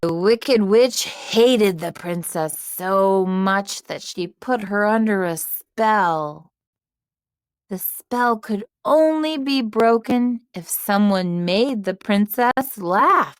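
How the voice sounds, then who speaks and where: Slow, storybook-clear woman narrator. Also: medium pitch, expressive, dry recording, clean studio sound. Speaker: teacher narrator. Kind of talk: children's writing lesson narration.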